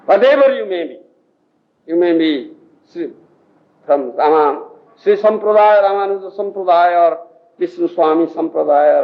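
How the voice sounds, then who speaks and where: A man from India with an Odia accent, giving a scriptural lecture to devotees, emphatic, often asking the audience if they understand and laughing. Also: fairly high pitch. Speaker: spiritual teacher giving a lecture. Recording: dull lo-fi 1980s tape recording.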